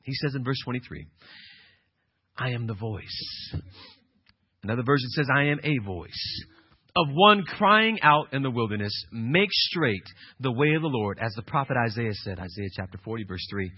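A male pastor preaching an emphatic sermon, swinging from quiet passages to loud, insistent ones. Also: medium pitch, expressive, moderate pace, slightly rough, no room sound, highs cut off.

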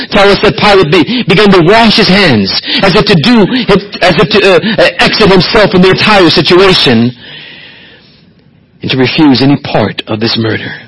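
A man's voice: high-pitched, a bit bright, breathy edge, low-quality recording. A man preaching an expository sermon as pastor, reading scripture and building to emphatic, rising swells.

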